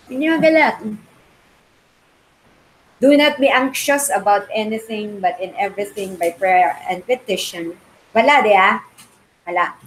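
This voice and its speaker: A Filipino woman teaching a Bible study class, quizzing her students with lively questions and switching freely between English and Tagalog. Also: mid-range voice, unhurried, long pauses, a little hiss or hum, rough recording. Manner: animated, mixes English and Tagalog.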